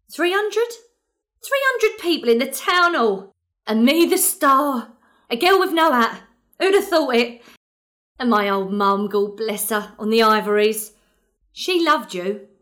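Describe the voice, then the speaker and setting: A fond, grieving working-class mother with a Cockney accent, played by a woman in a radio play. Her voice sits a little high, and she rambles in an earnest, apologetic way. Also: fairly bright tone. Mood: fond reminiscing. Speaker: actor in an audio drama.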